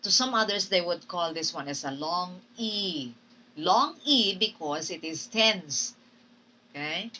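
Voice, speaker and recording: A woman's voice: on the low side, lively intonation, slow pace, pushed and bright, far from the mic, rough recording. A Filipino woman teaching English phonetics in a recorded lecture, drilling example words and often checking in with "Okay?". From Philippines.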